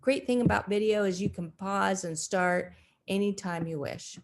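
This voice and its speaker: A woman teaching second graders in a recorded video lesson, speaking deliberately with frequent fillers and restarts. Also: medium pitch, background noise. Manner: slow, deliberate, with frequent fillers and self-corrections.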